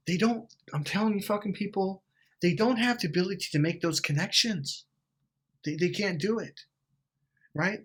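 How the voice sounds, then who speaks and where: A middle-aged man hosting a self-help video, telling a blunt, swear-heavy story in an animated monologue. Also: high-pitched, moderate pace, long pauses, husky.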